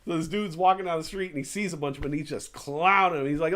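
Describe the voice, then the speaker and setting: A man with a slightly high voice chats loosely on a live stream. He rambles from thought to thought, swears freely, and often trips over and restarts his words. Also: quick pace, hardly any pauses, a bit bright. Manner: rambling, profane, frequent restarts. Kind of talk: casual chat.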